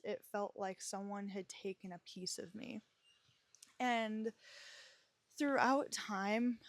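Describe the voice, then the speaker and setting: A woman's voice: mid-range voice, no room sound. A young woman in her twenties talks openly and emotionally, working her way through a personal story with plenty of fillers, restarts and self-corrections. Her voice sits in an ordinary middle register, recorded close and dry with no room sound. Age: 20s. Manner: candid, emotional, rambling with many fillers and restarts. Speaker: podcast host.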